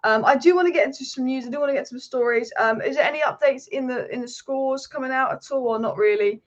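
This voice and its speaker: Passionate woman ranting fast on a live stream. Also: high-pitched, dull audio. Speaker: football channel host. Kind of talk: live-streamed football talk.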